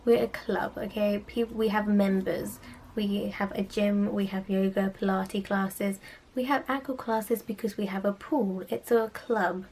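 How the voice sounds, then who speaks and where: A woman's voice: mid-range voice, fairly even intonation, a little slow, a little mellow, a little hiss or hum. A young woman, a spa therapist, ranting sarcastically about clients in a casual vlog. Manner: exasperated, sarcastic storytelling.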